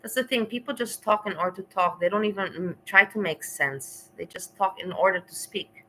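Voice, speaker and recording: Chatty livestreaming woman, bright voice. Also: medium pitch, normal speed, slight background noise, rough recording. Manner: rambling, laughs often, talks back to chat. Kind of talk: casual livestream chat to viewers.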